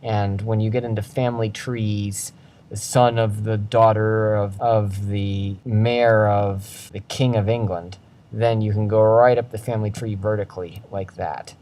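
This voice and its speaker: A male language teacher giving a recorded lecture over slides, explaining patiently and voicing example phrases to show how his pitch rises and falls. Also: steady tone, measured pace, darkish tone, low-quality recording.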